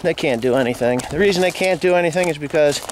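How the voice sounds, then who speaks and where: A man's voice: a little high, quick pace, slight background noise. A man, a farmer with a New Jersey accent, ranting furiously and swearing while filming outdoors in his field on a handheld camera. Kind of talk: angry vlog rant.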